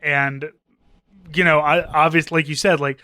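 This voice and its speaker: A man co-hosting a podcast in a loose, rambling way, retelling scenes and tossing in quoted lines. His voice is bright and smooth, a little higher than most men's, and the sound is dry and close. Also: little pitch movement, normal speed, no room sound. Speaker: podcast co-host. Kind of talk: casual chat.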